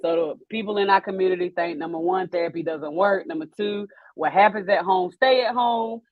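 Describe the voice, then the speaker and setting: A woman's voice: fairly low pitch, fairly quick, no room sound, phone-quality sound. A woman, co-hosting a casual livestream chat and reading viewer comments aloud with lots of laughter.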